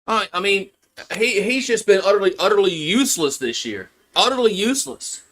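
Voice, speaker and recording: A man's voice: sits high, lively intonation, normal speed, fairly bright tone. A man doing casual live play-by-play of a football game as a fan streamer, frustrated, swearing and repeating himself.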